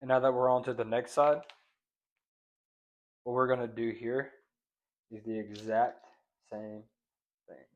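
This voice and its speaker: A man's voice: mid-range voice, flat delivery, measured pace, long pauses, dull audio. A man casually showing how he seasons ribs, playful and slangy, crooning pet names at the food and the viewer. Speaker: cooking vlogger. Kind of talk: casual cooking demonstration.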